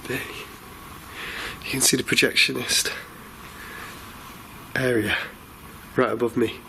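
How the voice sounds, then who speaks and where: A young man investigating an empty building at night as a paranormal investigator, speaking in hushed, wary tones and calling out to spirits. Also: mid-range voice, level tone, slow pace, pauses often, background noise. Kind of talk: ghost-hunting narration to camera. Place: empty disused bingo hall at night.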